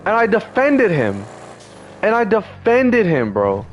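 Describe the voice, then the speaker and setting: Agitated young man, animated pitch. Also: takes it slowly, highs cut off, a little hiss or hum. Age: 20s. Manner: heated, profane, repetitive fillers. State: upset, close to tears. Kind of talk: emotional personal storytelling.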